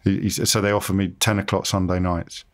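A man with a lowish voice, chatting through his career stories. He is self-deprecating and lively, slipping into other people's voices as he quotes them. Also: brisk. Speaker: interviewee, radio presenter. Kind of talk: casual interview storytelling.

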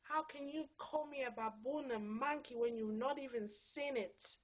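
A woman's voice: high-pitched, normal speed. A woman from Zambia with a Zambian accent, speaking her mind to camera in an indignant, emphatic way, tagging her points with "eh". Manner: indignant, emphatic, with frequent "eh" tags. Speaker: vlogger.

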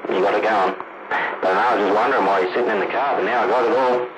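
Fast-talking Australian bloke on CB. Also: male voice, fairly low pitch, steady tone, very noisy. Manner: quick, friendly banter. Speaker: CB radio caller. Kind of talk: casual radio chat.

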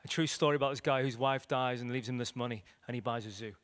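A male evangelist preaching a sermon, telling stories with acted quotes and swinging between loud declarations and hushed moments. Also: mid-range voice, fairly even intonation, quick pace. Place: church hall.

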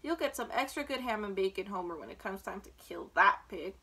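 A woman's voice: medium pitch, animated, brisk, pushed and bright, slightly rough, full character voice. A woman reading aloud and voicing a plain-spoken, hearty farmer in a storybook, matter-of-fact in tone.

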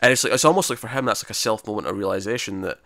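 Rapid-fire and creaky, a low-pitched male podcast co-host recaps a drama episode in a loose, chatty way, acting out the quotes for a casual TV review. His tone is fairly bright, and the studio-quality audio has no echo.

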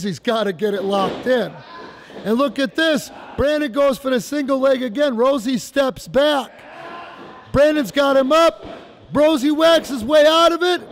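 Excitable high-voiced wrestling commentator man. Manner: excited, folksy, repeats phrases for emphasis. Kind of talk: play-by-play commentary. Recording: noisy live recording.

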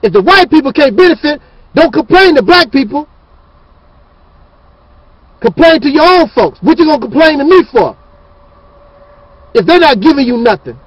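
A man's voice: very high voice, big pitch swings, moderate pace, long pauses, no echo, rough recording. A man hosting his channel, ranting in a fiery, preachy and scornful monologue. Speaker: channel host.

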